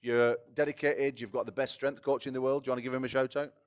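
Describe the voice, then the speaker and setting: A man promoting fights at a press conference, excitable, swearing and stumbling over repeated words. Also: mid-range voice, quick pace, clear, resonant tone.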